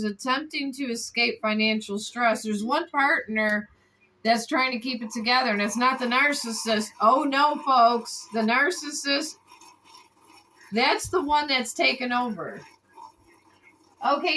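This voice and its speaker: A woman's voice: on the high side, sharp tone, rough recording. A woman giving a casual tarot card reading, exasperated, who swears casually and scolds people off camera between cards.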